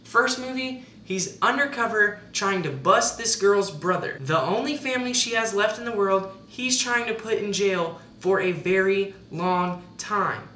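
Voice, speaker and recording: A woman's voice: mid-range voice, measured pace, few pauses, sharp tone, echoey room, a little hiss or hum. A woman narrating satirical mock dating advice in a sarcastic, mock-authoritative tone.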